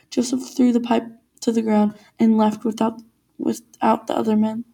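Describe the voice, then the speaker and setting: Woman reading a book aloud, even tone. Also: fairly high pitch, normal speed, vocal fry. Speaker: reader.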